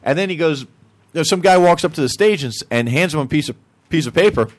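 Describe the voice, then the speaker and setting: A man, a guest in a casual chat, telling a loose, halting story. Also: fairly high pitch, expressive.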